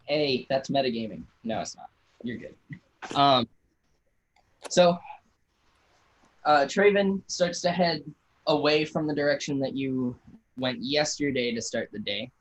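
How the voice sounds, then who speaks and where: Man, dungeon master, relaxed narration, halting with fillers, middle pitch. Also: poor audio. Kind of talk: narrating a tabletop game.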